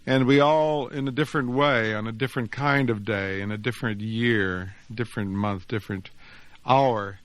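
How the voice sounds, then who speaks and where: A man reads his own story aloud with an expressive, measured storyteller's delivery. His voice sits in the middle range, and the recording is dry and close, with no room sound. He lingers over phrases and shapes each sentence. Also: mid-range voice, no room sound. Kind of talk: dramatic reading of fiction and reflective commentary.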